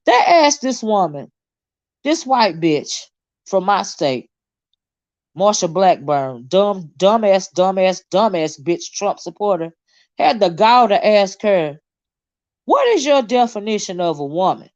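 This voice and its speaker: A woman's voice: mid-range voice, slow, no echo, lo-fi sound. A woman, hosting a casual livestream, reading viewer comments and ranting with lots of swearing. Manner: animated, indignant, swears freely, reads chat aloud. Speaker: livestream host.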